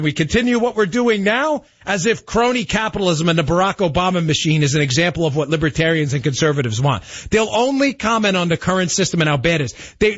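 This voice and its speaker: A man's voice: fairly high pitch, fairly bright tone, breathy edge, no room sound, highs cut off. A man hosting a talk radio show, ranting in an emphatic, combative way and firing off rhetorical questions.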